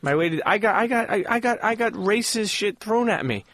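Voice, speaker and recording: Podcast host man with a slightly high voice. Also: expressive, brisk, a bit bright, no echo. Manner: loose, rambling, swears and acts out quotes. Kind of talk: casual podcast chat.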